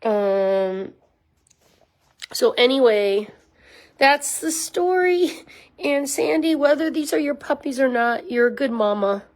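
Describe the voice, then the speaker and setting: Chatty woman with a fairly high voice. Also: a little slow, low-quality recording. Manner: chatty and rambling with many ums, softening into baby talk for the dog. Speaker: dog rescue volunteer. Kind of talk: casual talking-head explainer to camera. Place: small room at home with a puppy pen, indoors.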